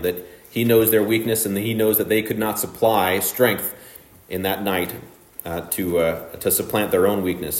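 A man preaching a sermon, walking through a passage with measured, emphatic phrasing. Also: low-pitched, reverberant. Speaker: pastor.

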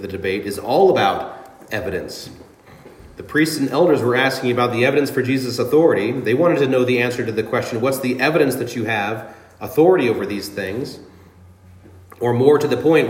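A man's voice: medium pitch, echoey room. A man preaching a sermon as pastor, speaking earnestly and emphatically, with dramatic readings of scripture. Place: church sanctuary.

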